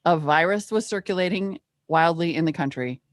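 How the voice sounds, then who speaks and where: A woman's voice: on the low side, moderate pace, no echo, studio quality. A woman co-hosting a casual news chat, earnest and emphatic, repeating her key points. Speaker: co-host.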